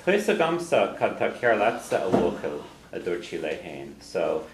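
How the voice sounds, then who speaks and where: A man with a very low voice teaches a class in a roomy, echoing room. He explains each phrase patiently, repeats it for his students and laughs easily. A faint hiss sits under the recording. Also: big pitch swings, normal speed. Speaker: language teacher.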